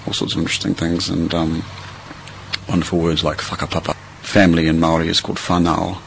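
This is a young man with a New Zealand accent and a very deep voice that hardly rises or falls. He talks in a relaxed, rambling way, full of ums and half-started phrases. A light hiss sits under the recording. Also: fast, vocal fry, poor audio. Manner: relaxed, rambling, many fillers and restarts. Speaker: interviewee. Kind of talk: reading a passage, then casual chat.

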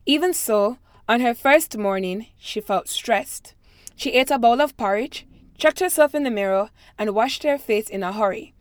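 A woman's voice: fairly high pitch, animated, normal speed, no room sound, clean studio sound. A woman from Jamaica with a Jamaican accent, reading a set passage aloud and then talking about her accent.

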